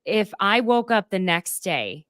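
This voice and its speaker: A woman podcast host with a mid-pitched voice and a dry, close sound. She talks frankly and animatedly, acting out what people said in a casual chat. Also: a little slow, smooth, dry recording. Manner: animated, frank, acts out quotes.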